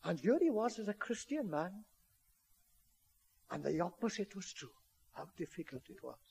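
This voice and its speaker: Earnest and increasingly emphatic in his appeals, a man preaches in a fairly high, husky voice that is a little mellow. His pitch swings widely, and he keeps a moderate pace.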